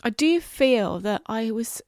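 A woman's voice: fairly high pitch, animated, a little mellow, no echo. Candid woman podcaster, dry sound. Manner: candid and reflective, halting with fillers, some swearing. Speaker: podcast host. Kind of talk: casual solo podcast monologue.

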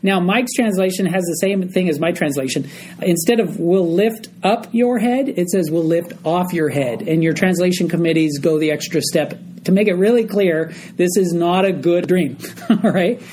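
A man's voice: high-pitched, moderate pace, darkish tone, a little hiss or hum, rough recording. A man teaching a group Bible study, explaining a passage verse by verse and often checking in with his listeners.

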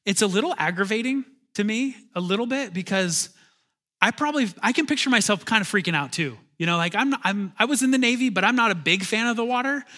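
A man preaching in a church in a chatty, animated way, often breaking off mid-sentence and chuckling to himself. His voice is fairly high and bright, almost tense at times. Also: fast talker. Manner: conversational, animated, self-interrupting, chuckling asides. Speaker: pastor. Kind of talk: sermon.

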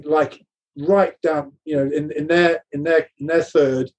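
A man's voice: on the high side, steady tone, a little slow, darkish tone. A middle-aged man telling stories from his coaching career, laughing often and acting out the dialogue he quotes. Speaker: guest recounting coaching career. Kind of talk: animated anecdotal storytelling.

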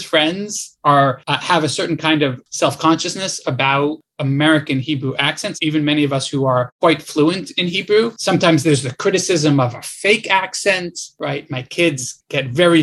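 A man with a somewhat high voice hosts an academic interview. He talks in a relaxed, conversational way, musing aloud and circling back with "um" as he frames his questions. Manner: conversational, musing, with filler "um" and restarts. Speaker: podcast host.

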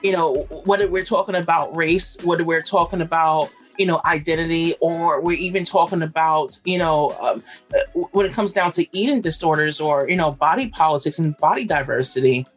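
A woman's voice: deep voice, fairly quick, soft background music. A woman from Brooklyn hosting a podcast, talking frankly and rambling in casual conversation, often laughing. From Brooklyn, New York. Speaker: podcast host.

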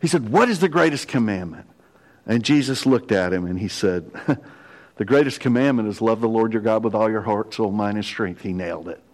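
A middle-aged pastor preaching a confessional sermon, telling a personal story with quoted voices. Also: male voice, lowish voice, animated, a little fast.

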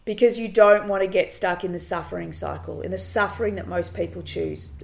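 Woman podcast coach, mid-pitched and gravelly, earnest and emphatic. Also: a little fast. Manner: earnest, emphatic, repeats phrases, swears casually. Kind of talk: solo motivational podcast monologue.

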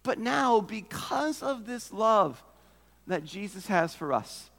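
A man's voice: high voice, big pitch swings, slow, creaky, a bit bright, long reverb tail. A man preaching a sermon as pastor, earnest and emphatic, who asks rhetorical questions and repeats phrases for effect.

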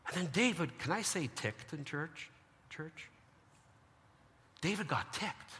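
A man preaching a lively sermon, joking and acting out the people of the story. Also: a little high, takes it slowly, long reverb tail, a little hiss or hum. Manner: animated, joking, acts out biblical figures. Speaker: pastor.

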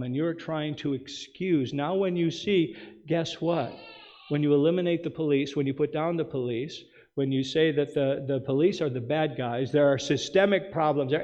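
A man's voice: a little high, darkish tone. Emphatic preaching man in a reverberant hall. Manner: emphatic, rhetorical preaching with many asides. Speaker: pastor. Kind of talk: sermon. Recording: dull sound with long hall reverb.

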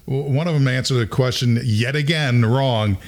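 A middle-aged man hosting a podcast, telling a story in a casual, animated way and acting out quotes with bursts of laughter. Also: medium pitch, normal speed. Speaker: podcast host.

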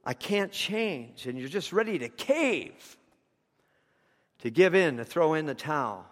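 A man's voice: fairly high pitch, very animated, a little slow, big-room sound. A man preaching a sermon, telling a story with passion, his intensity rising and falling.

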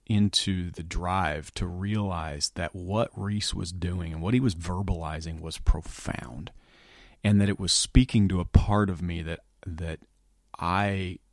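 A middle-aged man giving a reflective motivational talk, earnest and halting, often dropping to a soft near-whisper. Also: low voice, dry recording, studio quality. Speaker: speaker.

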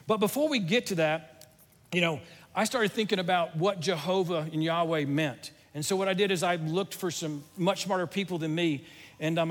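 A man's voice: sits high, a bit bright, big-room sound. A middle-aged man, teaching a sermon in a folksy, self-deprecating, conversational way. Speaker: church teacher.

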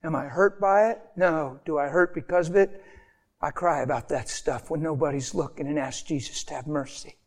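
A man's voice: fairly high pitch, normal speed. A man preaching an impassioned sermon, repeating phrases for emphasis and dropping to a near whisper. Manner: emotional, with rhetorical repetition and sudden drops to a near whisper.

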